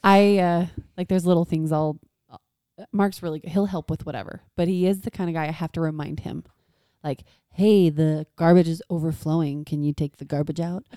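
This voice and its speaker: A woman in her thirties chats casually with friends on a parenting podcast, her voice sitting a little low and sounding mellow and warm. She gets animated, laughing often and acting out quotes. The sound is dry and close. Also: a little fast, hardly any pauses, no room sound. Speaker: podcast co-host. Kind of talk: casual chat.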